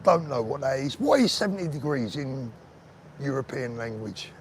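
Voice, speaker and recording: A man's voice: mid-range voice, very animated, normal speed, a little hiss or hum. A man hosting a casual live stream while walking outdoors, chatting to viewers by name in a bantering way. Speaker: vlogger host reading live chat. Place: outdoors on a street.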